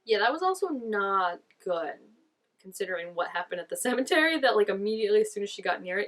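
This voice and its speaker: A woman chats casually about a TV episode, gushing and peppering her speech with "like." Her mid-range voice is sing-song, and she talks fast.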